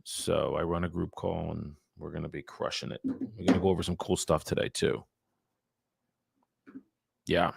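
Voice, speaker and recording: A man's voice: sits low, steady tone, moderate pace, gravelly, pauses often, darkish tone, breathy edge. A man, a real estate agent chatting casually on a livestream between cold calls. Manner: casual, rambling, talks to viewers between calls. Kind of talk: casual livestream chat while cold calling. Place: his home studio.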